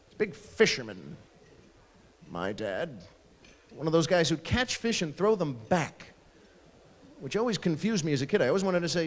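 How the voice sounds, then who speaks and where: A man doing a stand-up routine on stage, slipping into the voices of his family members as he tells stories. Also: a little high. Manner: animated, acting out family members in quick asides. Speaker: stand-up comedian. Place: large ballroom stage at a live fundraiser. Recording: long hall reverb from a large ballroom.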